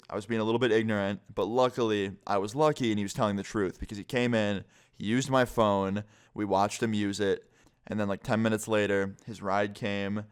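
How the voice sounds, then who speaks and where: A man's voice: fairly low pitch, smooth. Young man telling a story, lots of swearing. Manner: casual, heavy swearing, lots of "like". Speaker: vlogger. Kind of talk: storytime vlog.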